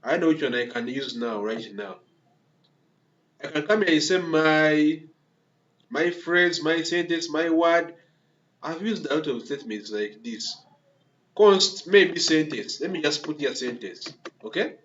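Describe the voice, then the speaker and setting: An unhurried coding instructor with a fairly high, fairly bright voice walks through a screen-recorded tutorial, describing each step as he types. He keeps restarting and repeating words and checking in with "okay?" and "yeah?"; the recording is dull, lo-fi, and faintly hissy.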